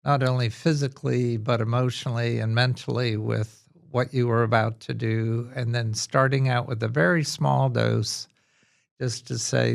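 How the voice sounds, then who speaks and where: A man hosting an interview podcast, speaking in a measured, appreciative way. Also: mid-range voice, little pitch movement, gravelly. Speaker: podcast host. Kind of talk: conversational interview.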